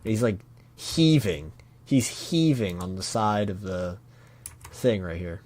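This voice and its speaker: A man reacting live to a comic chapter, reading panels aloud and thinking out loud in a casual way with sudden swearing. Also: fairly low pitch, sing-song, slow. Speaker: manga reaction streamer.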